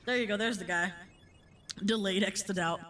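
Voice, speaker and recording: A woman streaming a game, excitable and swearing, with loud outbursts and giggles, saying she is high. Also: normal speed. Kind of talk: casual gameplay streaming.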